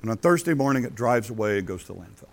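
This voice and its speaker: This older man, a grandfather and preacher, tells homey stories in a folksy sermon and dramatizes quotes with big swings in loudness. His low-leaning, creaky voice rattles off words rapid-fire with large pitch movement.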